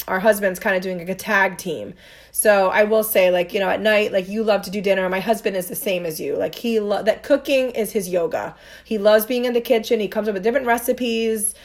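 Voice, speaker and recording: Brief: woman podcast co-host, mid-pitch, chatty storyteller, lots of "you know" and "um". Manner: storytelling, rambling with fillers. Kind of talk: casual chat.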